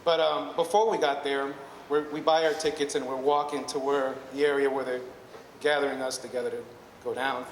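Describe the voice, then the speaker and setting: Speaking fairly quickly with a flat delivery, few pauses, and a medium pitch, a man recounts a personal story live, rambling and fixing his own words as he goes. The storytelling hall adds long reverb and faint background noise.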